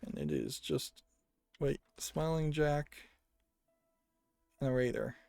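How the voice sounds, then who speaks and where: Slow, gravelly man musing over gameplay. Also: fairly high pitch, a little mellow, dry recording, faint music behind. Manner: unhurried, thinks aloud with musing hums. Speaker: let's play gamer. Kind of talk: casual gameplay commentary.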